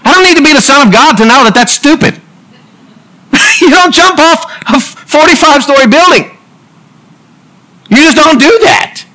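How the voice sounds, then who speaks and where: A man's voice: very high voice, lively intonation, moderate pace, long pauses, pushed and bright, rough recording. A man preaching a humorous sermon, full of jokey asides and laughter.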